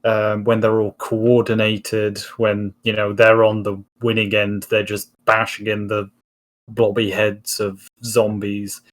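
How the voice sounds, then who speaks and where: A man who is a guest on a casual film review podcast, explaining his points slowly and in a measured way. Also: on the low side, completely flat delivery.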